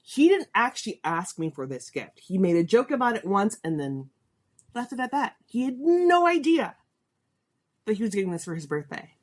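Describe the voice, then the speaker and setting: A woman's voice: medium pitch, sing-song, normal speed. A middle-aged woman hosting a podcast, telling a personal story in a chatty, candid way. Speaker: podcast host.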